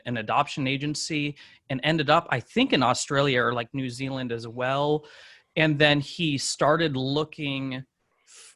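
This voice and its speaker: A man's voice: medium pitch, fairly bright tone. Rambling male podcast host. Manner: rambling, searching for details as he goes. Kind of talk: casual conversation.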